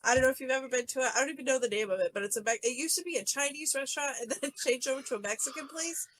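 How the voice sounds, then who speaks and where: A woman co-hosting a podcast, telling a story in an animated, giggly way. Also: high voice, very fast, slight background noise, poor audio. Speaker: podcast co-host. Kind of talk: casual storytelling.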